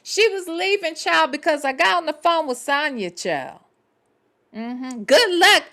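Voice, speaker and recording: Woman host, blunt and profane, bright sharp tone, swooping expressive delivery. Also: high voice, measured pace, gravelly. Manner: blunt and profane, talks straight to viewers. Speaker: show host. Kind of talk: casual livestream chat, reading viewer comments.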